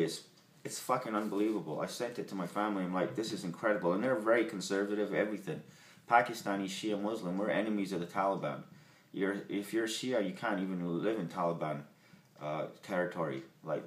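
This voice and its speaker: A man reviewing an album at home in a rambling, profane monologue full of fillers and digressions. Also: on the low side. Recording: roomy home recording with faint background noise.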